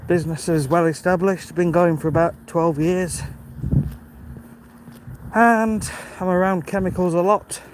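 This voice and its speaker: A man in his fifties with a notably high speaking voice talks casually while he walks, a little out of breath and picked up by a phone mic. Steady outdoor noise runs behind him, and he greets viewers by name as he answers their comments. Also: unhurried, poor audio. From United Kingdom. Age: 50s. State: out of breath from walking uphill. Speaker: livestream host. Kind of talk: casual live-stream chat while walking. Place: outdoors on a rural walk. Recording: outdoor ambience with audible wind and noise.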